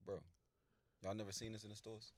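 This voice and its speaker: A man's voice: fairly low pitch, level tone, brisk. A man co-hosting a casual podcast chat, insistent and repeating himself to hold the floor. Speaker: podcast co-host.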